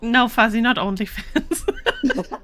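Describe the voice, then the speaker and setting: A woman guest streamer in casual gaming chat, expressive and frank, laughing often. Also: a little high, takes it slowly, faint music behind.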